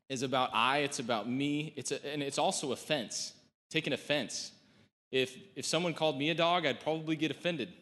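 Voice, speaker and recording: A man's voice: fairly high pitch, a bit bright. Conversational man preaching in a reverberant hall. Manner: conversational, joking asides, acts out quotes. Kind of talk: sermon.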